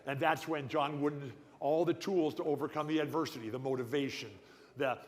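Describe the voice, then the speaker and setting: A man's voice: a little high, steady tone, a little fast, in a large hall. An older man who says he is a lifelong stutterer, giving an emphatic, folksy, rambling speech as a guest speaker at an awards dinner. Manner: emphatic, folksy, jumps between tangents. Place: banquet hall at a club dinner.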